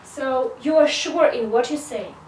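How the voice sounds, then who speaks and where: This high-voiced English teacher walks through a video grammar lesson at a slow, careful pace, peppering it with "so." Her tone is somewhat dark. The room is echoey, the mic sits at a distance, and there's a slight hiss or hum.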